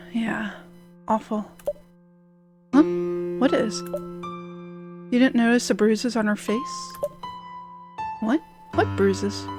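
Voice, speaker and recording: A woman streaming a story game, reading the characters' dialogue aloud in an unhurried, earnest way. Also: medium pitch.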